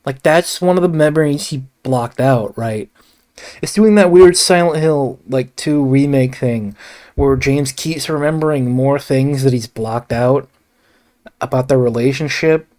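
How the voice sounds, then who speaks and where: A man talking through a movie review on his own in a loose, meandering way. His voice sits in an ordinary middle pitch, and he swears freely, stops himself and doubles back mid-sentence. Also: measured pace, darkish tone. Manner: rambling, profane, frequent restarts and asides. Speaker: film reviewer. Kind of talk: casual solo review ramble.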